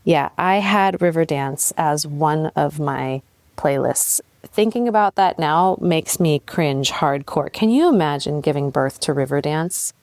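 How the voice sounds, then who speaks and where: A woman's voice: low-pitched, measured pace, dry recording. A young adult woman hosting a podcast, telling a candid personal story with laughs and blunt swearing. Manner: candid and animated, swears freely, laughs at herself. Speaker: podcast host.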